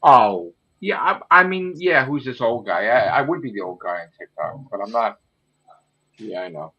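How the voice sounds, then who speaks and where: A man's voice: medium pitch, sing-song, moderate pace, breathy edge. Guy rambling and cussing in a late night chat, kinda muffled audio. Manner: rambling, swears freely. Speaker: channel host.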